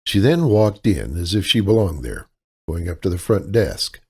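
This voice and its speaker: A man reading a novel aloud as narrator, with steady, dramatic storytelling. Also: deep voice, moderate pace, husky. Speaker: audiobook narrator. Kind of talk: scripted narration.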